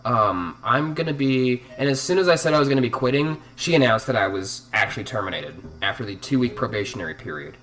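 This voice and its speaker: A man's voice: medium pitch, lively intonation, fast, hardly any pauses, a bit bright, far from the mic. A young man narrating a storytime vlog in a profane, exasperated, dramatic way. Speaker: vlogger telling a story.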